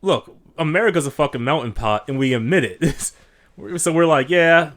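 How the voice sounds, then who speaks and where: A man's voice: medium pitch, lively intonation, moderate pace. A man co-hosting a casual podcast chat, teasing his partner and laughing, with plenty of swearing. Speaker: podcast co-host.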